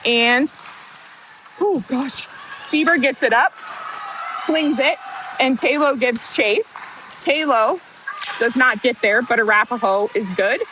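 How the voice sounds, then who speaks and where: A woman with a high, bright voice calls a youth hockey game play by play. She gets openly worked up and cheers for her side. A faint hum of ambience sits behind her. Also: takes it slowly, pauses often, poor audio. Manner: excitable, partisan, apologizes for getting worked up. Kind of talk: amateur youth hockey commentary.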